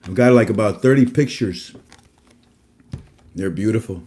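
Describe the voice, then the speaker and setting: Guy rambling and preaching to his viewers, lots of uhs, warm mellow tone. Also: fairly low pitch, measured pace. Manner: rambling, preachy, with many fillers and restarts. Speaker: host. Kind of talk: casual religious talk to viewers.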